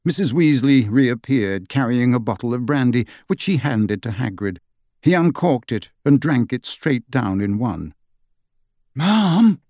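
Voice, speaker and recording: Man narrator, steady storytelling, dry close recording, mid pitch. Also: measured pace, no echo. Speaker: audiobook narrator. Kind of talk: scripted narration.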